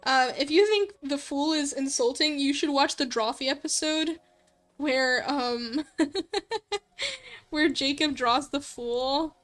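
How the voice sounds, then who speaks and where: High-voiced woman streamer thinking aloud. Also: expressive, slow, a bit bright. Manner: chatty, giggly, thinking aloud. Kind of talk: casual let's play commentary. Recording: faint background music.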